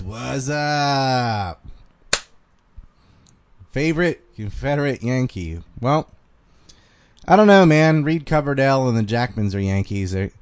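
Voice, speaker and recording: A man's voice: low-pitched, darkish tone. A man with a Carolina Southern accent, hosting a casual livestream and ranting bluntly with plenty of profanity. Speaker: podcast host reading donations.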